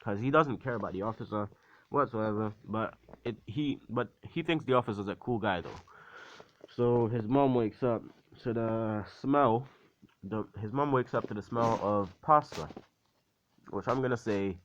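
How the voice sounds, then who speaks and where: A man casually rambles through a fan story, leaning on fillers as he goes. His voice is low. The recording sounds dull and lo-fi. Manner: rambling, full of "like" and "basically". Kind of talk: casual fan-fiction retelling.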